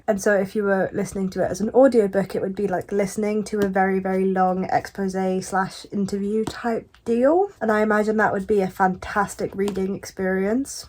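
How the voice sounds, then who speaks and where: A woman's voice: mid-range voice, darkish tone. A woman talking casually in a reading vlog, gushing and chatty, often repeating words for emphasis. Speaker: book vlogger.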